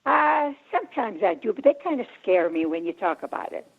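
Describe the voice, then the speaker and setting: Caller, woman in her nineties, sweet and teasing, breathy, over a tinny phone line. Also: medium pitch, big pitch swings, brisk. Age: 90s. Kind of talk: casual phone chat.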